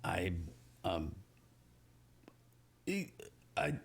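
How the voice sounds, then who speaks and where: A man's voice: low-pitched, wildly swooping pitch, drawn-out words, vocal fry. A man playing a tabletop role-playing game, stammering and restarting as he speaks in and out of character. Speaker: player.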